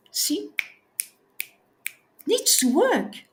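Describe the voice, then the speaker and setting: A woman with a high voice gives a devotional talk at an unhurried pace. She laughs often as she speaks, and her delivery turns tearful and effusive. She speaks like a spiritual teacher addressing followers.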